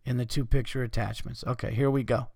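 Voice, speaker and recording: A man's voice: medium pitch, fairly even intonation, quick pace, darkish tone, breathy edge, no room sound, studio quality. A man hosting his own podcast, ranting with heavy profanity and reading listener messages aloud. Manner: profane, rambling, fired-up ranting. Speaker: podcast host. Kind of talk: solo podcast rant, reading listener letters.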